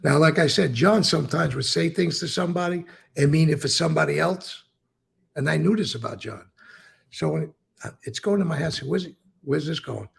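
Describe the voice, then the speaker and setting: A former mobster with a deeply gravelly, rough, husky voice tells old stories a little fast in a casual interview. He repeats words, acts out what the people in his tales said, and swears frequently.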